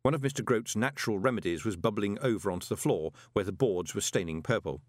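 A man narrating an audiobook in an expressive way. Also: lowish voice, quick pace, dry recording, studio quality. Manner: expressive, many voices. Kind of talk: scripted narration.

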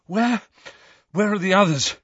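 A man's voice: a little high, very animated, normal speed, fairly bright tone, slightly rough, no room sound, exaggerated voice. A man doing Harry, a tense teenage boy. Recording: dry, slightly muffled audio.

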